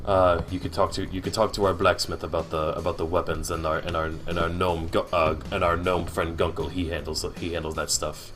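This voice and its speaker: Male game master, lowish voice, restarts phrases often, soft music under. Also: little pitch movement. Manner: halting, repeats words while narrating. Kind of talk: narrating a tabletop game.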